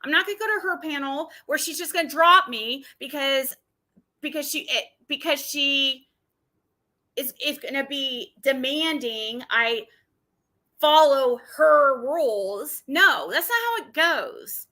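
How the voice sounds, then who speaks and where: Woman on a livestream, sharp bright voice, blunt n combative, keeps restarting. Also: sits high, animated. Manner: blunt and combative, with frequent swearing; halting, with frequent restarts. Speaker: livestream host. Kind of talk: casual livestream commentary.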